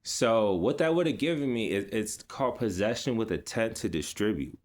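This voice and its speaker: A man with a fairly low voice talks straight to his audience in a loose, casual vlog. He rambles with plenty of fillers and restarts and drops easy street slang as he goes. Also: lively intonation, normal speed, a little mellow. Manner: laid-back street slang. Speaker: vlogger. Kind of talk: casual personal storytelling.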